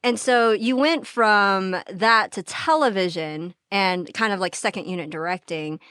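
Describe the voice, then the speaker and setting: A woman's voice: mid-range voice, a little slow, bright, forceful tone, clear, resonant tone, dry recording, clean studio sound. A young woman hosting an interview in a chatty way, laughing often and filling her talk with casual fillers. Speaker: podcast host.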